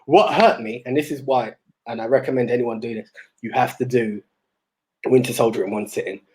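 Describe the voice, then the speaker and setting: A young man co-hosting a podcast, telling stories in a rambling, animated way with many restarts. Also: mid-range voice, brisk, slight background noise. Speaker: podcast co-host. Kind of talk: casual chat.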